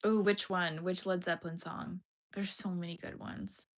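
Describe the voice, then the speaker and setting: A woman's voice: lowish voice, steady tone, normal speed. A young woman hosting a casual crochet livestream, chatting with viewers, giggly and full of "like" fillers. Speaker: livestream host.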